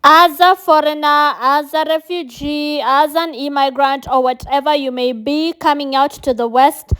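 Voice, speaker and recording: High-voiced woman giving blunt advice. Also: steady tone, moderate pace, a bit bright, poor audio. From Kenya. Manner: earnest, direct, addresses the viewer. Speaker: vlogger. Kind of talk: casual advice monologue.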